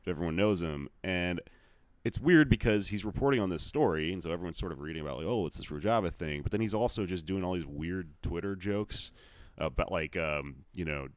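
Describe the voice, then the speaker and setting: A man's voice: low-pitched, a little fast, no echo. A man hosting a comedy podcast, telling a story in a rambling, profane, casual way and laughing often. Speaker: podcast host.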